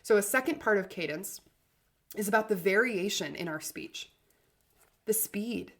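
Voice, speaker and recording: A woman hosts a self-help podcast in a casual, coaching tone. She speaks with emphatic energy and often restarts a phrase. Her loudness rises and falls for effect. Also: mid-range voice, expressive, a little slow. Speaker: podcast host.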